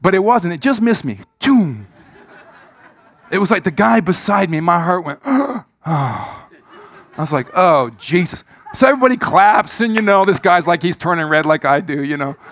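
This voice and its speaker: A middle-aged pastor preaches a sermon in church, telling a personal story that swings widely from shouts to hushed asides. He is very animated at a moderate pace, and his throat sounds a little squeaky.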